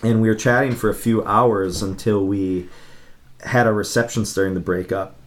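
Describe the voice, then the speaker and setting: A man's voice: fairly low pitch, steady tone, normal speed. A man telling a story as a guest in a casual conversation, chatty and laughing between phrases. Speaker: podcast guest.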